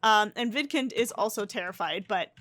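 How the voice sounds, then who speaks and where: A woman's voice: medium pitch, expressive, normal speed, fairly bright tone. A young woman giving casual, chatty gameplay commentary, often restarting and gasping. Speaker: life-sim gameplay narrator. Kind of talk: casual let's-play commentary.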